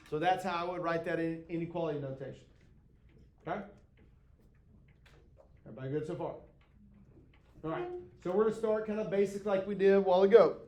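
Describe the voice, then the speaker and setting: A man's voice: high voice, a little fast, long pauses, warm tone, echoey room. A man teaching a math class, lecturing in a folksy, self-deprecating way and often checking in with his students. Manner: frequent check-ins with the class.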